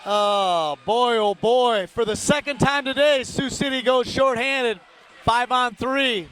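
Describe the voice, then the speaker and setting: Male play-by-play hockey announcer, very high voice, rapid name calls, chatty asides to listeners. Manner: rapid-fire calls of player names, rising to shouts on big plays. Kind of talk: live play-by-play commentary.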